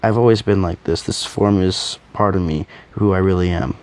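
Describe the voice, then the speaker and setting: A man's voice: low voice, steady tone, moderate pace, a little mellow, lightly acted. A man voicing a young female beast-woman with a canine face, speaking hesitantly and apologetically in a fan audio drama. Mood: quiet.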